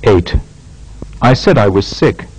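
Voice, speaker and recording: A man reading pronunciation drills as a language lab instructor, in a measured and carefully enunciated way. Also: on the low side, expressive, slightly rough, rough recording.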